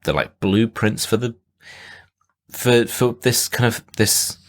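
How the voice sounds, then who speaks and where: A man's voice: mid-range voice, fairly even intonation, slow. A man co-hosting a podcast, chatting casually about a film with many fillers and restarts. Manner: rambling, many fillers and restarts, laughs often. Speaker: podcast co-host. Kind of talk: casual film review chat.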